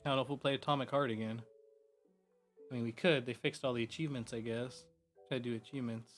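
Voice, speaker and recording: A man streaming a game, chatting casually and loosely, swearing and filling every pause with "like" and "you know". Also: mid-range voice, steady tone, soft background music. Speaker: gaming streamer. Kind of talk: casual rambling chat.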